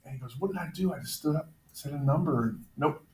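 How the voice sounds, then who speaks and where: A man's voice: fairly high pitch, fast talker. Joking male teacher in an echoey classroom. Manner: joking, deadpan storytelling. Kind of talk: classroom talk with jokes. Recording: echoey classroom, faint noise.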